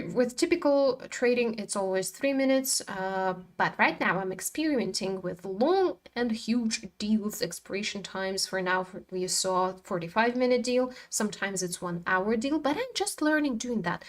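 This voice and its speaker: A woman hosting a live trading stream, chatting casually and animatedly, swearing freely and talking back at her chart. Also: mid-range voice.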